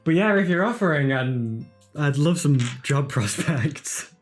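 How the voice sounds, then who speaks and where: A man's voice: a little high, lively intonation, a little slow, soft background music. Awkward, stammering man playing a jester. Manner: awkward, self-deprecating, stammering. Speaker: player. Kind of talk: playing a jester in a tabletop game.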